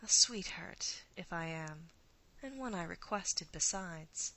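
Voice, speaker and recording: 一位女性演绎的古老掠食女妖，假扮伯爵夫人，声音偏低、明亮，语速缓慢，低语般诱惑地哄劝。. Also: female voice, on the low side, expressive, slow pace, sharp tone, exaggerated voice, rough recording. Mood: seductive. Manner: purring, seductive, coaxing. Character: ancient predatory female creature posing as a countess.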